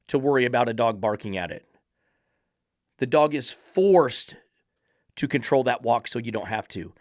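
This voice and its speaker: A man's voice: mid-range voice, no echo, clean studio sound. A man who trains dogs and hosts a podcast, ranting in a blunt, profane, emphatic monologue. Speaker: dog trainer and podcast host.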